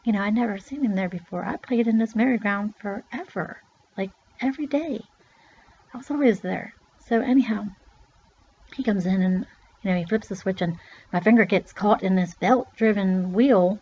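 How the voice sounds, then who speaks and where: A woman's voice: mid-range voice, moderate pace, a little mellow, slightly rough. A middle-aged woman from Pennsylvania rambling through a personal story in a loose, chatty way, swearing now and then. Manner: chatty, loose, swears, acts out voices in quotes. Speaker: vlogger. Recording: dull lo-fi recording.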